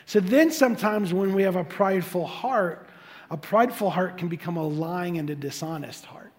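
A man delivers a sermon, his voice sitting high for a man. He talks animatedly, slipping into the voices of the people he quotes. A long reverb from the hall trails each phrase. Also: moderate pace. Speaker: pastor.

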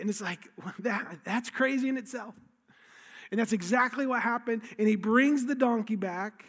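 A man's voice: very high-pitched, moderate pace. A man preaching a sermon, telling the story with emphasis and repeating key phrases. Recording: long hall reverb.

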